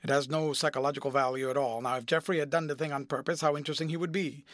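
A man's voice: on the high side, fairly even intonation, racing, a bit bright, dry recording, clean studio sound, natural voice. A man reading a cynical, amused English lord. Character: cynical witty English gentleman, middle-aged lord. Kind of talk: audiobook character reading.

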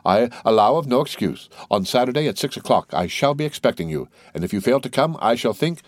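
A man voicing an urbane, composed middle-aged count in an audiobook, speaking with smooth, measured courtesy. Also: medium pitch, lively intonation, no echo, studio quality, natural voice. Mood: courteous.

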